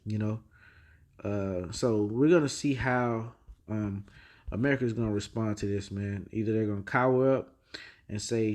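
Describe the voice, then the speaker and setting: A man's voice: fairly low pitch, moderate pace, a little mellow. A man gives a loose, rambling commentary on the news, full of slang and fillers. He stops often to restart his sentences. Now and then he reads headlines and scripture aloud. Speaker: religious video host.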